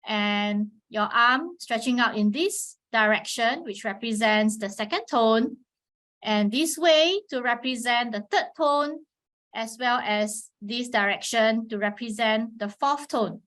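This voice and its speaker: A woman with a fairly high voice teaches over a webinar mic in a patient, methodical way. She keeps checking in with listeners and breaks into exaggerated rises and falls when she demonstrates a sound. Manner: patient teacherly explaining, frequent "all right" check-ins; models Mandarin tones with sharp pitch swings. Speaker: webinar presenter on teaching Chinese. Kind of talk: instructional webinar talk.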